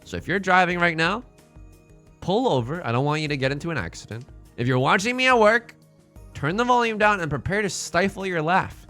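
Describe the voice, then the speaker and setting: A man streaming a mahjong game and bantering with his chat in a hyped, self-mocking way, building up jokes and reacting loudly to risky plays. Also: high-pitched, lively intonation, brisk, soft background music. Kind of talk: live-streamed mahjong commentary.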